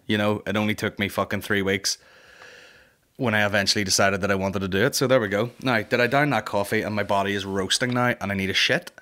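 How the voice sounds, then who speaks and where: A man's voice: lowish voice, fairly even intonation, fast, pushed and bright. A man in his thirties hosting a comedy podcast, rambling and swearing in a boisterous casual monologue. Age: 30s. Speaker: podcast host.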